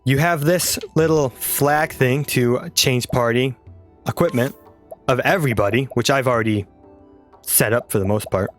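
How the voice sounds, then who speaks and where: A man's voice: mid-range voice, moderate pace, faint music behind. A man casually commenting on a video game he plays, rambling and trailing off. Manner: rambling, chuckling, trails off mid-sentence. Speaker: let's play host.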